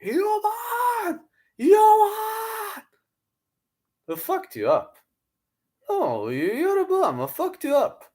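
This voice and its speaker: A man putting on a shrill, bragging loudmouth. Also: very animated, very slow, pauses often, full character voice. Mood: gloating. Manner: shrill, repeated yelled boasts. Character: brash boastful man shouting that he won.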